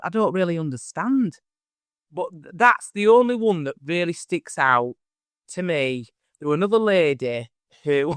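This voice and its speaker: A man talks about his work as a medium in a chatty, animated way, acting out the people in his stories. His voice is bright and forceful and sits a little high for a man. The sound is dry and close to the mic. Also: no echo. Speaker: medium, podcast host as guest. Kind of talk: casual interview storytelling.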